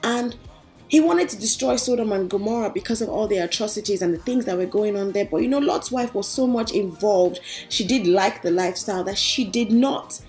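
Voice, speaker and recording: A woman's voice: mid-range voice, brisk, a little mellow. Young woman vlogger, chatty and earnest faith talk, faint music behind. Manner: earnest and chatty, addresses viewers as guys. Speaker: Christian vlogger. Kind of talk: casual inspirational faith talk.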